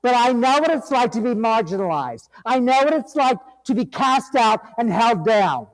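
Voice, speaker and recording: A man's voice: extremely high pitch, lively intonation, normal speed, long reverb tail, poor audio. A man giving a sermon as a guest reverend, emphatic and conversational in a church sanctuary.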